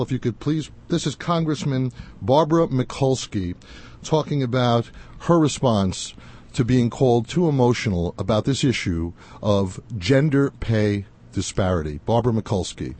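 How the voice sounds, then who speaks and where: A man's voice: mid-range voice, animated, normal speed, a little mellow. A male talk show host delivering passionate, emphatic commentary. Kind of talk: opinionated commentary.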